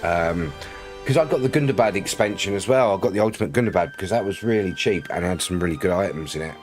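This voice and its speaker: A man's voice: deep voice, lively intonation, fast, soft background music. A man from Britain chatting casually on a game live stream, rambling, laughing often and greeting viewers by name.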